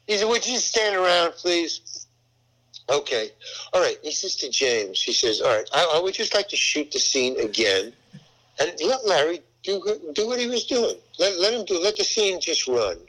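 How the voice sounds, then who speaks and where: Older comedian guest, rambling storyteller with a lively, bouncing voice. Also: male voice, a little high, normal speed, poor audio. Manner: rambling storyteller, acts out voices in quotes, many restarts. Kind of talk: casual anecdote telling.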